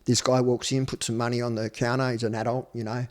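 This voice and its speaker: A man's voice: mid-range voice, level tone, fast talker, a little mellow. An Australian man in his fifties, a guest telling his life story with blunt, profane candor. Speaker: interview guest. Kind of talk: candid personal storytelling.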